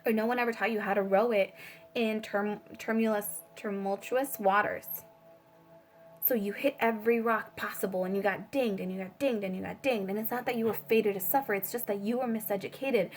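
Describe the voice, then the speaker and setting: A woman's voice: mid-range voice, a little fast, faint music behind. A woman giving a casual spiritual tarot reading, rambling with many fillers and swearing freely. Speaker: tarot reader.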